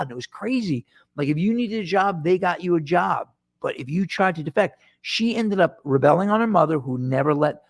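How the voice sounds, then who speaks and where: This middle-aged podcast host talks alone to his audience, rambling and self-deprecating, with frequent restarts. His fairly high voice carries vocal fry. The recording is dry and studio-clean, with the mic right in front of him.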